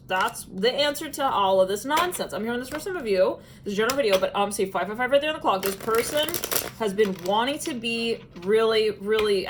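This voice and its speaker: A woman's voice: a little high, fairly bright tone, slight background noise, rough recording. A woman giving a casual tarot reading, chatty and musing, often breaking into laughter. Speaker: tarot reader.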